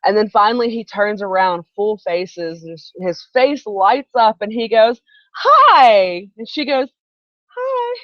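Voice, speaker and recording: With a medium-pitched voice, moderate pace, and hardly any pauses, a woman hosts a home live stream. She's a chatty storyteller who keeps drifting into asides, and the recording is dull and dry.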